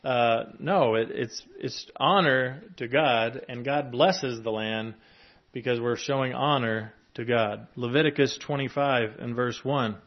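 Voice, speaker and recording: A man delivering a sermon in a loose, conversational way, moving between scripture readings and casual asides. His voice sits at a middle pitch, and the recording sounds a little dull. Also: a little slow. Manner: conversational preaching, with chuckles and fillers. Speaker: pastor.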